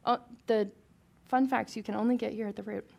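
A woman's voice: on the high side, fairly even intonation, fairly quick, vocal fry, darkish tone. A woman leading a Bible study for a small group, reading scripture aloud and chatting with questions to the room.

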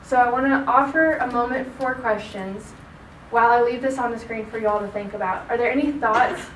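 A woman's voice: a little high, fairly quick, a little hiss or hum. Chatty woman teaching an echoey class. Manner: chatty, lots of "like" and "right?". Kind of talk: casual Bible class teaching. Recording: echoey room recorded from a distance.

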